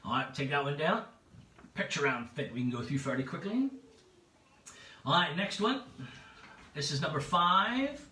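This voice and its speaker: Lively, chatty man hosting a quiz. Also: fairly high pitch, normal speed, pauses often, distant mic, a little hiss or hum. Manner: chatty and playful, repeats each option. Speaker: quiz host. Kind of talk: livestream pub quiz hosting. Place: room at home. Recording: echoey room, away from the mic.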